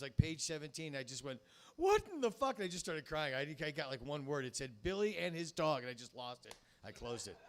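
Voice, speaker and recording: A man doing a rambling stand-up comedy set on a handheld mic in a live venue, telling absurd stories with a deadpan, profane delivery. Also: on the high side, low-quality recording. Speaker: stand-up comedian and show host. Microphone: handheld stage mic.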